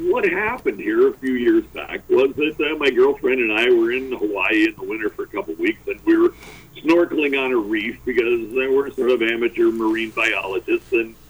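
A man's voice: mid-range voice, slightly rough, highs cut off. A man telling a long rambling story as a radio guest, self-deprecating and full of fillers. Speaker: guest, former comedy performer.

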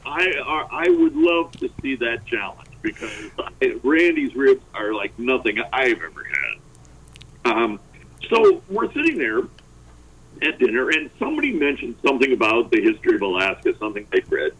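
A man's voice: mid-range voice, huge pitch swings, normal speed, fairly bright tone, a little hiss or hum, rough recording. A man telling a long rambling story as a radio guest, self-deprecating and full of fillers. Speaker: guest, former comedy performer.

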